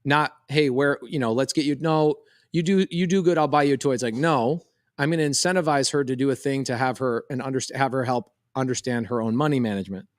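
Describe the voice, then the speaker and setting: A man, telling a lively story on a podcast and acting out the voices. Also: mid-range voice, a little fast, no echo, studio quality. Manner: animated, quotes voices in a story. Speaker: podcast co-host. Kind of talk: casual storytelling chat.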